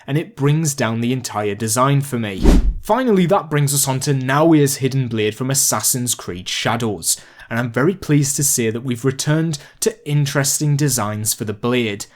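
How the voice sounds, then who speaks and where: A man narrating a video game review, chatty and excitable, turning rambling and self-deprecating as he thinks aloud. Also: mid-range voice. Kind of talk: scripted review narration and off-the-cuff ranking.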